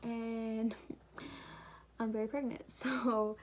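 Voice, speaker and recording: A woman's voice: on the high side, level tone, drawn-out words, a little mellow. A seventeen-year-old girl telling a personal story in a chatty, emphatic vlog style full of fillers. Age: teens. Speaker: vlogger. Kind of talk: casual storytime.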